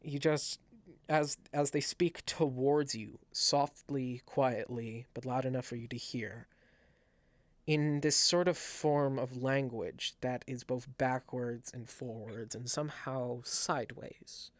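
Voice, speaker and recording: A man narrating as game master, describing scenes with halting restarts. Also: mid-range voice, fairly even intonation, no room sound. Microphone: headset.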